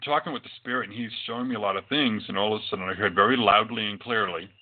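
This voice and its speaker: A man who works as a psychic medium tells stories of his own experiences, rambling loosely and using lots of fillers. His voice is fairly low and he talks fast. The audio is tinny, like a phone.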